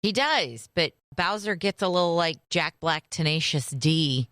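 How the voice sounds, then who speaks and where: A woman's voice: deep voice, expressive, a little slow, fairly bright tone, no echo, studio quality. A middle-aged woman co-hosting a radio show, chatting casually in an upbeat, plain-spoken way. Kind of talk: casual banter.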